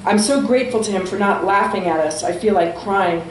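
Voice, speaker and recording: A woman reading her own fiction aloud at a small venue, with steady, expressive storytelling. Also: medium pitch, brisk, roomy sound, a little hiss or hum, low-quality recording. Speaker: author.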